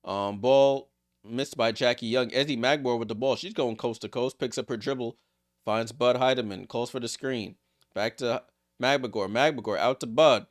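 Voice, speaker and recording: A man streaming a live watchalong, giving casual play-by-play and chatting with viewers, voice jumping up on big plays and dropping low for side remarks. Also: moderate pace. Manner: excitable, rises in pitch on big plays, drops low and quiet for side remarks; chatty, laughs and talks to the chat. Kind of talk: casual live play-by-play commentary with chat asides.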